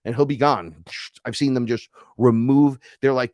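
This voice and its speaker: A man from New York, a podcast guest, telling stories in a casual, animated way, swearing and acting out the dialogue. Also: mid-range voice, normal speed, no room sound, studio quality. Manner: animated, profane, acts out quoted dialogue. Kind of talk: casual storytelling conversation.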